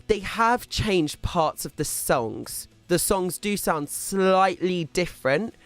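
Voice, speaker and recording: A man's voice: high voice, expressive, slow, fairly bright tone, no echo. A young man working as a radio film critic, chatting with enthusiasm and gushing about films in a studio. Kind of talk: radio film review chat. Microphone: studio microphone.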